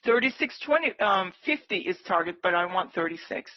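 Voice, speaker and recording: Excitable woman cheering on a live trade. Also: fairly low pitch, brisk, no room sound, muffled recording. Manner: excitable, cheering the market on, pleading. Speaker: day-trading livestream host. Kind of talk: live trading commentary.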